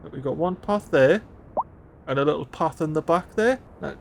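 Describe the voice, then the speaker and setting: A chatty man with a slightly high voice jokes his way through a city-building game, talking to the tiny citizens as he goes. His commentary is casual and playful. Faint game sounds play under his voice. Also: animated, normal speed, creaky. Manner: chatty, jokey, talks to game characters. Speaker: gameplay streamer. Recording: faint game noise behind.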